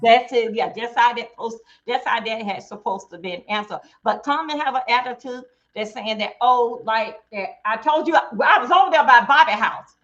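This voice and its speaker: A middle-aged woman with a fairly high voice, talking on a livestream about relationships. She gets animated and acts out both sides of a couple's conversation. Her audio comes through a video call and sounds dull and lo-fi. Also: moderate pace, hardly any pauses. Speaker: guest.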